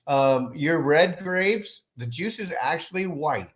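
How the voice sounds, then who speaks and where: A man's voice: a little high, lively intonation, slow pace. A man leading a casual wine tasting chat, explaining things patiently and telling small stories. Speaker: wine presenter.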